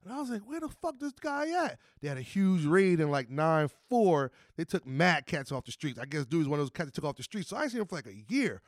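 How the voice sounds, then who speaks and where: Fast, animated man telling street stories. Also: on the high side. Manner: animated, acts out quoted voices, swears freely. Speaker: podcast host. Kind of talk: casual storytelling chat.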